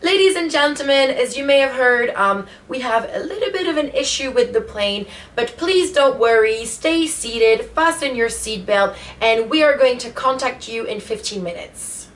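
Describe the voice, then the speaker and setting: A male airline pilot, as a woman puts him on, making a formal, measured announcement to the passengers. The delivery is polite and official. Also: fairly high pitch, expressive, fairly bright tone, voice pushed up.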